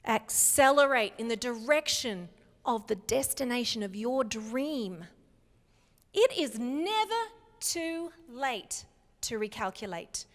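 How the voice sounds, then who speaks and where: A middle-aged woman giving a motivational keynote talk in a large hall, speaking slowly and emphatically with clear enunciation. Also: on the high side, lively intonation. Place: large hall before a live audience. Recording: long hall reverb.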